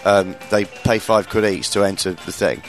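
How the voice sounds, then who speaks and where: A man in his late thirties, a comedian hosting a podcast, telling stories in casual chat, swearing freely and mimicking people in a high voice. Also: normal speed, soft background music. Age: 30s.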